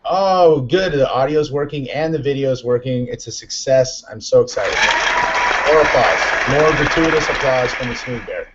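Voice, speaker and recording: An excitable man hosts a live online chat show, upbeat and rambling, full of fillers and restarts. His voice sits in an ordinary middle pitch. The sound is dull and lo-fi, like a web call. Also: normal speed, a faint crowd, slight background noise. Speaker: host.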